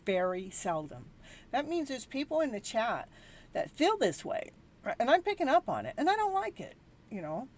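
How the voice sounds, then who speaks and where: A woman with a slightly high, somewhat mellow voice and wide pitch swings speaks at a normal pace. Tired and worn out, she hosts a live tarot reading, rambling to her viewers in a weary, exasperated way and often restarting her sentences.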